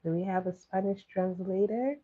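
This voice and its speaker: This livestream host, a woman with a mid-range voice and a moderate pace, runs a casual trivia session. She reads questions aloud to her chat, repeats each one, and coaxes viewers to play, on dull lo-fi audio.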